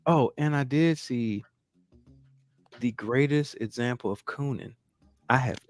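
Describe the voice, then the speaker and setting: A man in his thirties, a podcast co-host, telling a story in casual chat, animated, swearing freely and laughing through it. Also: mid-range voice, measured pace.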